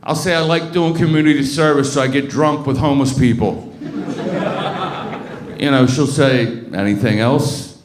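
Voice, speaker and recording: A man's voice: medium pitch, normal speed, echoey room, a crowd in the background. A man in his thirties from Baltimore doing a crude, rambling stand-up set, full of fillers and restarts. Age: 30s. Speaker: stand-up comic. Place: comedy club stage.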